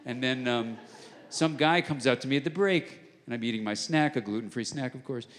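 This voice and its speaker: A man giving a public lecture, explaining ideas in a conversational way and acting out bits of dialogue, sometimes dropping to a hush. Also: mid-range voice, a little fast. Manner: conversational, acts out dialogue, drops to hushed tones for emphasis. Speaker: guest lecturer. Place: large arts center auditorium. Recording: long reverb of a large hall. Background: live audience.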